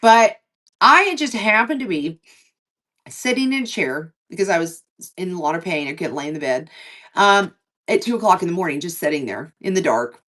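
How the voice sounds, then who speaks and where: Far from the mic, a woman co-hosting a livestream chats at normal speed, spinning a long, casual story. She swears freely and gets animated, voicing other people's lines in lower and higher tones.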